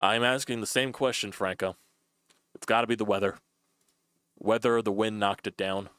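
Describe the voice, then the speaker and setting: A man's voice: on the low side, steady tone, moderate pace, fairly bright tone, clean tone, dry recording. A young man doing loose, chatty play-by-play on a live stream, swearing freely as he calls a baseball game.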